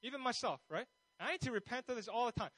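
Male pastor preaching a sermon: high voice, dry close recording, lively and repetitive storytelling. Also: racing, dry recording, low-quality recording. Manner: animated storytelling, repeats words, acts out voices.

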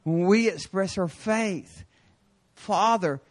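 A middle-aged male pastor preaching a sermon, telling stories and acting out voices with sudden shouts. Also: sits high, slow. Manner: storytelling, acts out voices with bursts of shouting.

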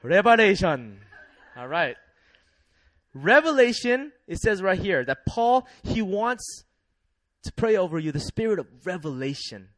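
A young man preaching a sermon in a lively, laughing way, leading the congregation in call-and-response. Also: sits high, a little slow, dry recording.

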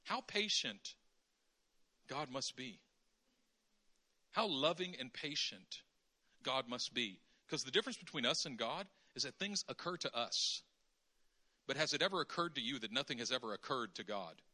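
A man preaching a sermon in an animated way, acting out conversations in different voices. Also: medium pitch, normal speed, pauses often.

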